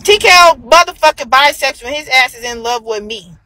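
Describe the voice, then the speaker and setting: A woman's voice: sits high, animated, a little fast, pushed and bright, low-quality recording. A woman on a phone livestream, ranting heatedly and profanely, repeating herself for emphasis. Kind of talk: angry livestream rant.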